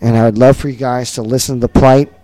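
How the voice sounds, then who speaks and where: A man's voice: mid-range voice, flat delivery, fast, mellow, no room sound. A middle-aged man, a concert producer, talking earnestly and repetitively in a festival interview.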